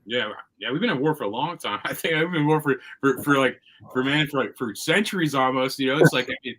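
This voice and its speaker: Fast, bright-voiced blunt man. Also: medium pitch, rough recording. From United States. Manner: blunt, mocking, full of "I mean" and "like". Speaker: podcast host. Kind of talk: casual podcast chat.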